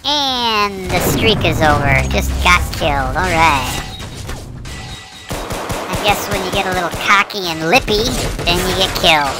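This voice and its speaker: A woman's voice: fairly low pitch, expressive, a little slow. A woman giving casual commentary while she plays a shooter game, chatty and poking fun at herself as she talks to her viewers. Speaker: gamer. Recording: game music playing behind. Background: music and gunfire.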